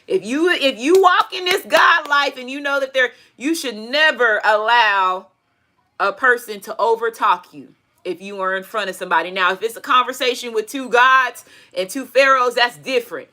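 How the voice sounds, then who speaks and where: A woman's voice: on the high side, moderate pace, pushed and bright. A woman, giving a casual tarot reading with blunt, profane asides and preachy advice. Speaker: tarot reader. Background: faint music playing.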